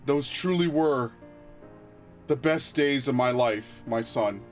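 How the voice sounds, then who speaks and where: A man voicing a boastful doting father who talks in a slow, grandiose, mock-sentimental way. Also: mid-range voice, soft background music, natural voice.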